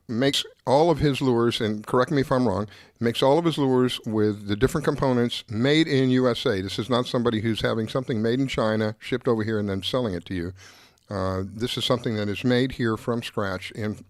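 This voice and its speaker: A man's voice: medium pitch, fairly quick, dry recording. A man hosting a radio talk show, chatty and easygoing, speaking in a studio. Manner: chatty, easygoing, laughs often.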